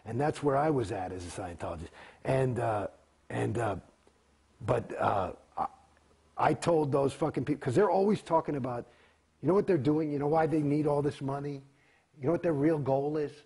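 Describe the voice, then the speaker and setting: Interviewee, male, profane and rambling, husky and croaky voice. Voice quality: gravelly, husky voice. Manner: profane, heated, rambling, swearing often. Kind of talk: candid interview, profane and emphatic. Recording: quiet, low-volume recording.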